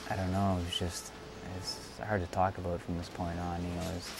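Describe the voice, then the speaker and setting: Deep, flat-voiced man, hesitant. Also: noisy background. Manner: hesitant, halting, many fillers. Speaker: friend interviewee. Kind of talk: reflective documentary interview.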